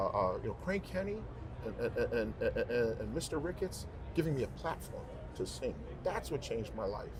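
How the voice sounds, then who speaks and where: Against a noisy background, a man with a higher-pitched voice, a professional singer, chats as an interview guest. He is emphatic and heartfelt, telling stories animatedly and repeating things for stress.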